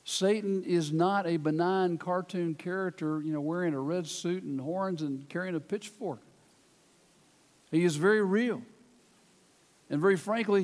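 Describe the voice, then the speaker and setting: Southern American man, pastor, earnest sermon, slightly high voice, long hall reverb. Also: unhurried, a little mellow. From Southern United States. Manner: earnest preaching, dramatic scripture reading.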